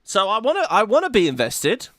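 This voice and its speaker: A man's voice: sits high, huge pitch swings, fairly quick, a bit bright, no room sound, clean studio sound. Playful man riffing on a game trailer. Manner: playful, swears, acts out voices. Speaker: gaming YouTuber. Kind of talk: comedic commentary on a game trailer.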